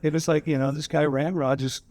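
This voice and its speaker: A man's voice: fairly high pitch, little pitch movement, fairly quick, darkish tone, no room sound. An older man, a guest actor at a screening Q&A, telling loose, profane, laughing anecdotes on a cinema stage. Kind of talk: rambling anecdotal storytelling. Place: cinema stage before a live audience.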